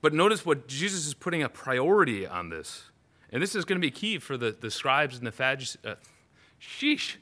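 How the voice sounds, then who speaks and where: A man's voice: mid-range voice, sing-song, a little fast, sharp tone. A man preaching a conversational sermon, reading scripture aloud and explaining it with frequent restarts. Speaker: pastor.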